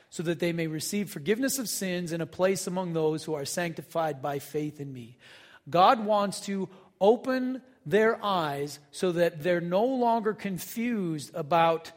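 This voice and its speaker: A man preaching a sermon as pastor, conversational and folksy, with casual asides and acted-out quotes. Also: high voice. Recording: long reverb of a hall.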